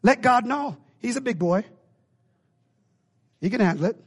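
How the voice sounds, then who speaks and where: A man preaching a sermon to a church, lively and dramatic, acting out the voices of the figures in his story and rising at times to a shout. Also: very high voice, a little slow, breathy edge. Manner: animated, acts out biblical voices, builds to shouts. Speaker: pastor.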